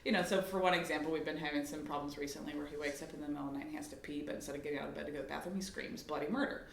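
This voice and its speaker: A woman's voice: low-pitched, fairly even intonation, rapid-fire, creaky, roomy sound, a little hiss or hum. A woman, a mother in the class, chatty and laughing as she describes a problem with her son. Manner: chatty, laughing, many fillers. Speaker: parent in the class. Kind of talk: asking a question in a class.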